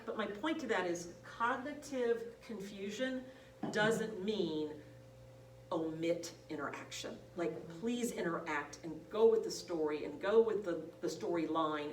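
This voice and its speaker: Woman instructor, lively storyteller, lecture recorded from afar in an echoey room with faint hum. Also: medium pitch. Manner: animated storytelling, acts out quoted voices. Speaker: nursing instructor. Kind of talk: classroom lecture with anecdotes. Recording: roomy, from a distance, faint hum.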